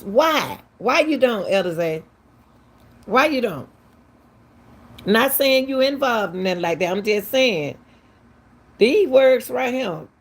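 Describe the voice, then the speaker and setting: A woman, hosting casual true-crime commentary, talking emphatically and firing off repeated, incredulous questions. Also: mid-range voice. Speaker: commentary channel host.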